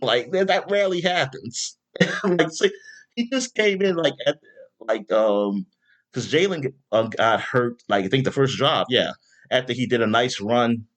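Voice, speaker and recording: A man hosting a podcast in casual chat, rambling with lots of fillers and bursting into loud exasperation. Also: mid-range voice, unhurried. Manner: rambling, animated, with many fillers. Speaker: podcast host.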